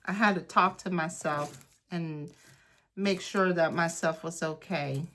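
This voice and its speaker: Slow, chatty woman talking through a craft project. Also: on the low side, steady tone, a bit bright, a little hiss or hum. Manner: chatty, self-talking, thinking aloud while crafting; slow, unhurried delivery with frequent pauses. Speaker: craft and journaling creator. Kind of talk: casual craft tutorial chat.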